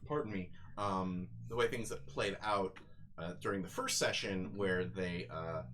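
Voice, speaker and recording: A man's voice: deep voice, a little slow, a bit bright, a little hiss or hum. A man running a tabletop game as game master, talking casually with many fillers and restarts.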